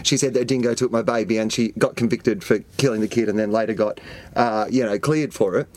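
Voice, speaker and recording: A man's voice: fairly low pitch, fairly quick. A man from Australia with an Australian accent, telling dry, rambling stories as a guest in a casual comedy chat.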